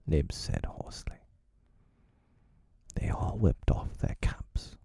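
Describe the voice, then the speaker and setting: A man reading a storybook in a hushed whispered role-play, close to the mic, slow and husky. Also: lowish voice, wildly swooping pitch, no echo.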